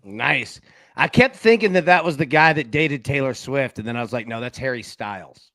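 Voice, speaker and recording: A man's voice: mid-range voice, lively intonation, normal speed, sharp tone, no echo. A man hosting a live sports betting show, upbeat, rattling off picks and reading chat comments aloud.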